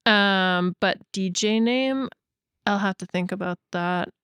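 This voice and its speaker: A woman co-hosting a podcast in casual chat, halting with lots of fillers and frequent giggles. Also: mid-range voice, fairly bright tone, smooth, dry recording. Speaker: podcast co-host.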